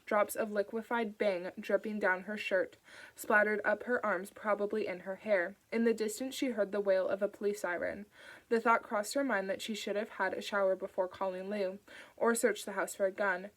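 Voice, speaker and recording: A woman narrating an audiobook in a measured, steady reading voice. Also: medium pitch, low-quality recording.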